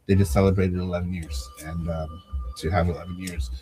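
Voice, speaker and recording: A man's voice: deep voice, little pitch movement, fairly quick, warm tone, soft background music, poor audio. A man co-hosting a casual podcast chat, laid-back and full of fillers, cheerfully plugging projects and swearing in jest. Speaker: podcast co-host and promo wrestler.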